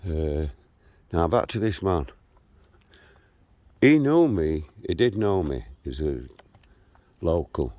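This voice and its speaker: A man's voice: sits low, big pitch swings, slow, pauses often, mellow, no room sound, lo-fi sound. A man of sixty-three, telling a tough local story in a blunt, combative way while walking around outdoors. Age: 60s. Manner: blunt, combative retelling of a confrontation. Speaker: vlogger. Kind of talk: walkabout storytelling to camera.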